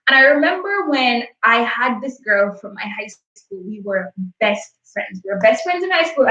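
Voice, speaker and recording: High-pitched woman in her late twenties, candid livestream storytelling, echoey room, distant muffled mic. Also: fairly bright tone. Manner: candid and heartfelt, chatty with many fillers. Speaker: livestream host.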